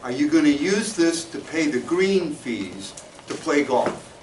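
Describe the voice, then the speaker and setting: A man's voice: fairly high pitch, very animated, unhurried, reverberant, recorded from a distance, background noise. A man telling a joke and voicing a skeptical passerby who questions a homeless man in a dry tone. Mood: questioning. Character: skeptical working man handing out cash.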